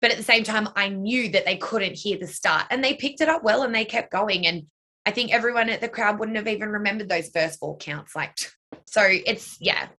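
A young woman answers interview questions about coaching dance and cheer. Her voice is bright and a little sharp, and she talks in a loose, chatty way with plenty of "like" and "you know". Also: medium pitch, moderate pace.

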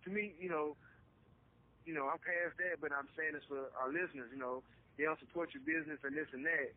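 Blunt, slangy male co-host with a raspy, slightly high voice on a tinny phone line. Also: steady tone, fairly quick. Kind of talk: casual chat.

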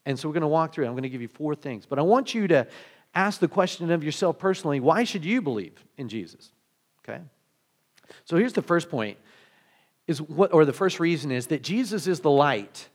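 A pastor preaches in a somewhat high-pitched voice, speaking a little fast with lively intonation. His sermon is conversational, stacking up rhetorical questions and restarting phrases as he works through his points.

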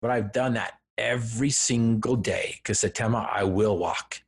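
A man's voice: on the low side, moderate pace. A man, a podcast guest, telling a personal story in an earnest, emphatic way that builds to firm declarations. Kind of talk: personal story told in conversation.

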